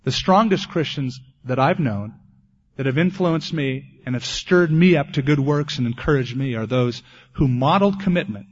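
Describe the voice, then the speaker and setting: Pastor preaching on dull old tape. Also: male voice, medium pitch. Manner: earnest preaching, ending in a quiet prayer. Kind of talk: sermon.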